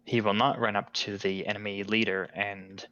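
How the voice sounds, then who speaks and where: A man's voice: on the low side, flat delivery, moderate pace, pushed and bright. A man playing a tabletop role-playing game, stating his character's actions plainly. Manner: plain, matter-of-fact declarations of actions. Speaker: player. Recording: dull lo-fi dry mic.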